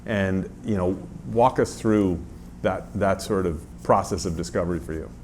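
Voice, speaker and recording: A man moderating an onstage interview, asking measured, relaxed questions. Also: deep voice, a little hiss or hum. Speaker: interviewer, venture investor.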